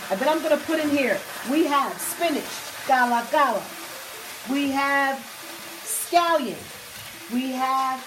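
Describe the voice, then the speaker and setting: Cooking at a hot stove, a woman hosting a casual cooking show chats playfully in a high-pitched voice, letting out cheerful exclamations. The background is noisy, with a sizzling pan and music.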